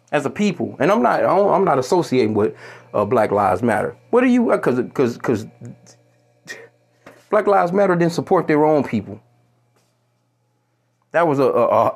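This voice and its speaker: This vlogger's gravelly, medium-pitched voice swings widely in pitch, moving at a moderate pace with long pauses. His commentary rant is profane and heated, full of stumbling repeated words, and he stops to read passages of scripture.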